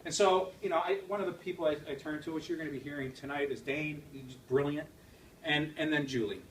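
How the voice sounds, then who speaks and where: A man speaking as a guest at an event, telling a story with lively emphasis, quick laughs and repeated phrases. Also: a little high. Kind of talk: motivational talk to an audience. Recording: distant mic with faint room noise.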